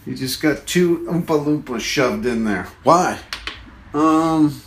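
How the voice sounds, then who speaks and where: A man's voice: fairly high pitch, animated, slow pace, slight background noise. A man hosting a podcast, telling a meandering comic story in a chatty way and acting out other people's lines. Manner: chatty, meandering, acts out quoted voices. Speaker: podcast host. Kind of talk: rambling comic monologue.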